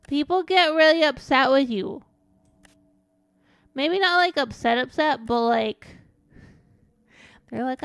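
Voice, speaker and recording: A woman's voice: fairly high pitch, measured pace, pauses often, smooth, no echo. A woman streaming a game and chatting casually, rambling along with frequent giggles and calling herself by her own nickname. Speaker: VTuber streamer.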